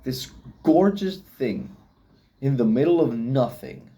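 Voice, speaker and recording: Slow-talking, profane rambling man. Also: mid-range voice, animated, dark tone. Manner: profane, laughing, philosophical rambling. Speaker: vlogger. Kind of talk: rambling casual monologue.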